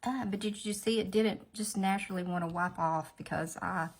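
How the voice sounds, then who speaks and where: A woman's voice: mid-range voice, normal speed, breathy edge. A woman chatting casually through a nail tutorial, rambling with asides to herself. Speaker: nail art vlogger.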